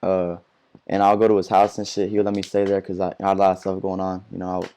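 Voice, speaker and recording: A man's voice: low voice, monotone, fast talker, mellow, clear, resonant tone. A teenage man telling a story in a casual interview, slangy and profane, full of fillers and restarts. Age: teens. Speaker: interview guest, rapper.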